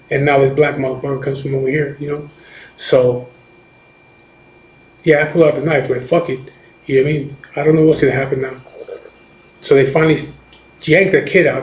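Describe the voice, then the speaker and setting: A middle-aged man, a biker, telling a personal story in a rambling, profane way, full of restarts and "you know what I mean", while recovering from chemotherapy. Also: on the high side. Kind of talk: casual storytelling. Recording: echoey room.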